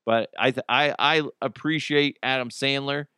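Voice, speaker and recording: A man's voice: medium pitch, steady tone, moderate pace, sharp tone, smooth, no echo, clean studio sound. A man hosting a radio show, chatting casually with rambling jokes and self-corrections. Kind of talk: casual on-air chat.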